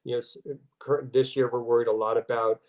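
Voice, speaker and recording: A man's voice: medium pitch, flat delivery, quick pace, darkish tone, rough recording. A man hosting an interview asks his questions casually. He hesitates often, circling back and restarting his sentences. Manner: hesitant, lots of fillers and restarts.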